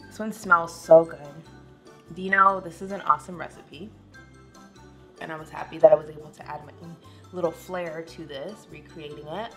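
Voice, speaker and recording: A young woman hosting a casual cooking vlog, chatting warmly as she cooks and tastes food with bubbly enthusiasm. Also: lowish voice, fairly even intonation, moderate pace, faint music behind. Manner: bubbly, enthusiastic, tasting aloud. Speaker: cooking vlogger.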